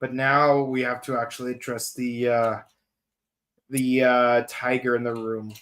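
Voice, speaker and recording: A man's voice: mid-range voice, little pitch movement, unhurried, a bit bright. A man co-hosting a casual podcast chat, chiming in eagerly with short remarks. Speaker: podcast co-host.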